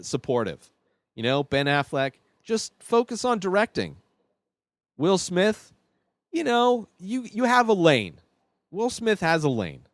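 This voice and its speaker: A man's voice: mid-range voice, clean tone, dry recording. A man hosting his own podcast, giving blunt, rambling opinions with lots of fillers. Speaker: podcast host. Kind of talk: casual opinion monologue.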